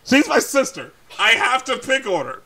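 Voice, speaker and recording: A man's voice: very high-pitched, sing-song, normal speed, a crowd in the background. A man chatting casually on a livestream, reading chat and teasing, laughing often.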